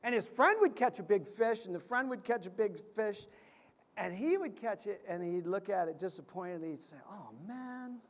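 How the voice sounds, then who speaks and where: A man preaching a sermon as pastor, telling stories and swinging from loud to hushed. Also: high voice, animated, fairly quick. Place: church sanctuary. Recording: reverberant church hall.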